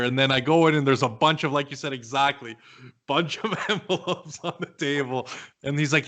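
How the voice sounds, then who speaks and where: A man's voice: medium pitch, quick pace, a bit bright. A man hosting a podcast, chatting casually, swearing now and then and laughing as he tells stories. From Canada. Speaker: podcast host.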